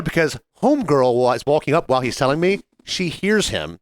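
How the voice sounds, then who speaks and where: A man co-hosting a casual podcast, a bartender telling service stories with quick acted quotes. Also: a little high, lively intonation, dry recording. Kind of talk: casual chat.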